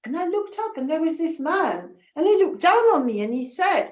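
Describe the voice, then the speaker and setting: Lady storyteller telling a folktale as if it's her own life, emotional, little asides, highish voice, echoey room. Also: sing-song, a little slow, pauses often. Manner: intimate, emotional, asides to listeners. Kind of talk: first-person folktale storytelling.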